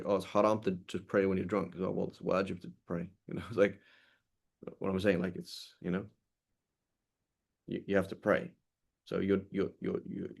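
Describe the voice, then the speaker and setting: A man teaching a classical legal text in a conversational way, reading passages aloud quickly and then explaining them with many restarts. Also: low-pitched, creaky, a little mellow.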